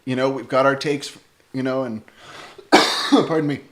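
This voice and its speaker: A man, a drummer co-hosting a casual band podcast, excitable, laughing often and swearing freely. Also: mid-range voice, unhurried. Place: band jam space.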